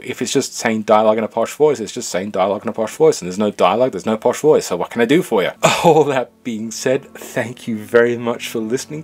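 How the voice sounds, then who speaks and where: A man hosting a casual solo film podcast, talking in an excitable, rambling way. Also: on the low side. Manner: excitable and rambling, admits to waffling. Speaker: podcast host.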